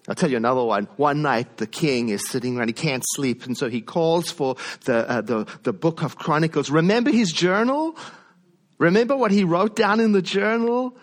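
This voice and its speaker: A male minister preaching a sermon in an animated storytelling way, often asking his listeners questions. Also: mid-range voice.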